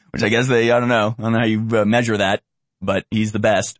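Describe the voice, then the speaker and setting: A man's voice: on the low side, fast talker, no echo. Male host, casual commentary, mocking impressions, dry mic. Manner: animated, acts out quoted voices mockingly. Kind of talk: casual political commentary over video clips.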